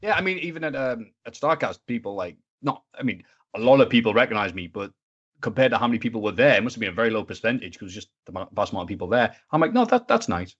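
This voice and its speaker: A man's voice: medium pitch, racing, husky. A man from the United Kingdom, a podcast guest rambling through anecdotes and acting out the quoted voices. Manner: rambling, animated, laughs and acts out quoted voices. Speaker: interview guest. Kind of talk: casual storytelling chat. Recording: dull lo-fi audio.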